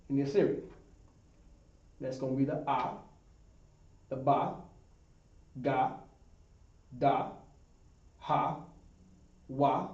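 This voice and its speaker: A man's voice: on the high side, mellow. A man teaching a class, repeating himself and often asking if the students understand. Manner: repetitive, checks in with "you understand?". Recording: echoey room, far from the mic, dull lo-fi.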